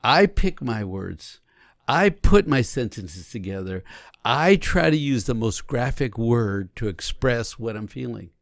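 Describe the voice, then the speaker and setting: A man co-hosting a podcast, talking casually and coaching through examples in an animated way. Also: medium pitch, a little slow, gravelly, no echo, clean studio sound. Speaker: podcast co-host. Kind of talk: casual conversation on marriage.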